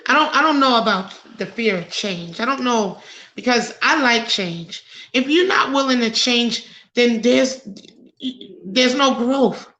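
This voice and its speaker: A woman hosts a casual talk show. Her voice sits fairly high and she talks in an unhurried way. She is animated and preachy, laughs a lot, and sounds overheated and sweaty under studio lights. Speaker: podcast host.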